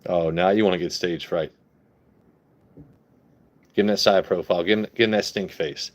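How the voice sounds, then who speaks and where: A man with a somewhat low voice hosts a relaxed livestream. He talks in a loose, playful way, teasing and chatting with his audience. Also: normal speed, a little hiss or hum. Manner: playful, talks to his pet guinea pig and chat. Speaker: livestream host. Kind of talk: casual livestream chat.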